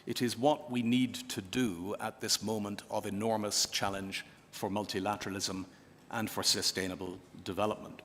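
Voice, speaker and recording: Man, low voice, dry measured delivery, formal closing speech, long hall reverb. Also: flat delivery, a bit bright, a little hiss or hum. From Ireland. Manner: measured, dry storytelling with pauses. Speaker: UN official giving closing remarks. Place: conference hall.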